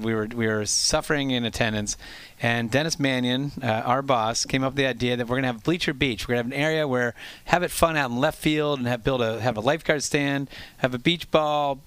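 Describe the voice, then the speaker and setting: A middle-aged man telling an animated, self-mocking story in casual conversation, often restarting his sentences. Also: mid-range voice, smooth, no room sound. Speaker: former ballpark entertainer.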